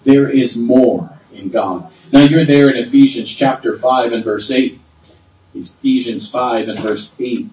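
A middle-aged man preaching a sermon, swinging between low asides and loud, high exclamations. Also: a little slow. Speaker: pastor. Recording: roomy sound from far off.

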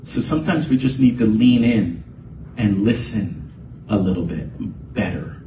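A man's voice: lowish voice, expressive, a little slow, warm tone, slight background noise. A man preaching a conversational sermon as a pastor, building to emphatic bursts. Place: church sanctuary. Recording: echoey room, voice from a distance, faint ambience.

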